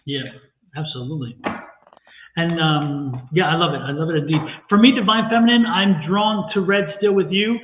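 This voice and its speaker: A man's voice: on the high side, moderate pace, reverberant, narrow, tinny audio, slight background noise. A man co-hosting a live tarot reading stream, giving repetitive, preachy motivational advice to viewers. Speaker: tarot reader and co-host.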